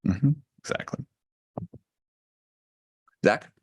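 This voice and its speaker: A man chairing a public board work session, running the agenda in a procedural, hesitant way. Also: drawn-out words. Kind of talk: public meeting discussion. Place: board meeting room.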